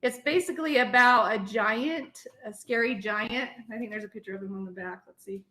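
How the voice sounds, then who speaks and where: A woman's voice: a little high, moderate pace, bright, forceful tone, reverberant, poor audio. A woman who teaches preschool, loosely and chattily retelling a children's book over a video call. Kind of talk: casual sharing in a class discussion.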